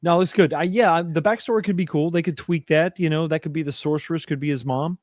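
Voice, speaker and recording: A man co-hosting a podcast in casual chat. His voice is a little higher than most men's, and he weighs his opinions out loud with hedges and restarts. The recording is dry and close. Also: fast, no echo. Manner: thoughtful and opinionated, with hedging restarts. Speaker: podcast co-host.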